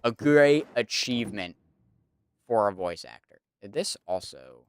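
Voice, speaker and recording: A man's voice: on the low side, expressive, a little slow, clear, resonant tone. A man streaming a game, chatting casually and rambling with many fillers. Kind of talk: casual commentary while gaming.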